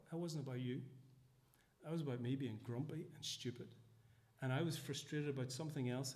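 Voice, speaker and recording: A man's voice: mid-range voice, darkish tone. A man preaching a sermon, telling a family story and acting out the dialogue. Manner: storytelling, acts out dialogue, frequent restarts. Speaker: pastor. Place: church.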